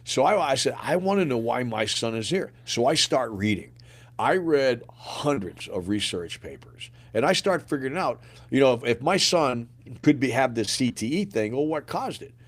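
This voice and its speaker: Speaking at normal speed with an expressive, medium-pitched voice, this middle-aged man from the United States is a podcast guest and grieving father. He tells his painful story in a blunt, casual way, heavy on slang and cursing.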